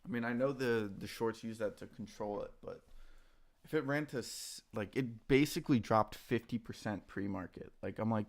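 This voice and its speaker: A young man casually chatting on a live stream while trading stocks, excitable and slangy, greeting viewers by name. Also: lowish voice, moderate pace. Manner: excitable, talks to chat and his dogs, says dude a lot.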